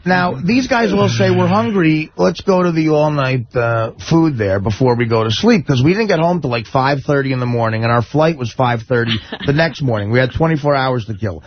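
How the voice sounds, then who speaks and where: A man casually telling a rambling, animated story on a radio show, swearing and acting out what people said. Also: medium pitch, normal speed, hardly any pauses, slight background noise. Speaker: guest comedian telling a story. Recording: lo-fi radio broadcast.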